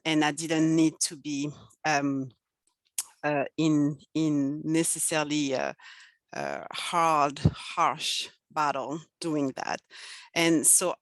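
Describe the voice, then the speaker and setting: Low-voiced, gentle woman co-author. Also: no echo. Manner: earnest, gentle, repeats words. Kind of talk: speech at online event. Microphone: video call.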